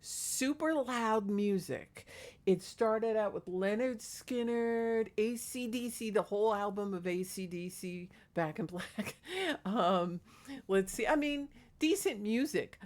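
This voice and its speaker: Chatty, indignant woman gossiping. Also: medium pitch. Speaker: vlogger. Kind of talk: casual gossip vlog. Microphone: clip-on microphone.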